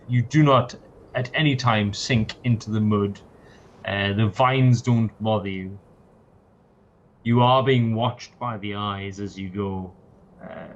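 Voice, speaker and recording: A man's voice: lowish voice, fairly bright tone, a little hiss or hum. A man narrating a tabletop game as game master, casual and peppered with swearing and fillers, on a dull lo-fi mic.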